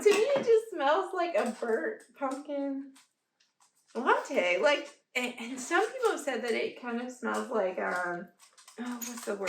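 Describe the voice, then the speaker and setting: A woman, chatting casually as a vlogger, animated and laughing often. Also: sits high, slow pace. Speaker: candle haul vlogger. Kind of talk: casual chat. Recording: echoey room with faint noise.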